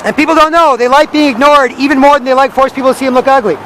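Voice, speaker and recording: Street vlogger, male, very high and bright voice, repetitive rant outdoors with faint traffic. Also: steady tone, racing, poor audio. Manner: repetitive, ranting, acts out other people's voices. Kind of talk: rambling street monologue. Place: busy downtown street corner outdoors.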